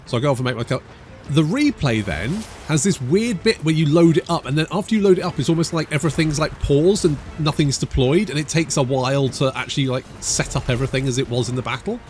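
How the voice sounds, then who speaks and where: A man's voice: fairly high pitch, expressive, fast, darkish tone, slight background noise. A British man casually commentating a strategy game, chatty and rambling with joking asides. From Britain. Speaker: gaming YouTuber. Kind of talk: casual let's-play commentary.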